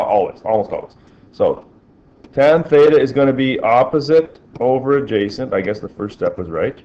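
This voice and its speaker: A man's voice: medium pitch, darkish tone, highs cut off, slight background noise. A male teacher in a classroom, talking through problems and asking the class questions as he works. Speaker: physics teacher.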